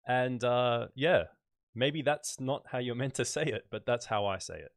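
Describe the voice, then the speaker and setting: An Australian man with a light accent hosting a casual photography livestream, chatting in a relaxed way and thinking aloud with fillers. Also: mid-range voice, normal speed, dry recording, studio quality.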